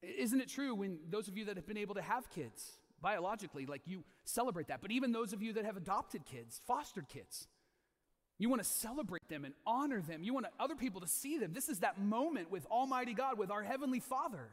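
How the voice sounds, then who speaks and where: A man in his thirties preaching a sermon as pastor, animated, acting out quoted voices and repeating key lines. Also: high voice, brisk, big-room sound.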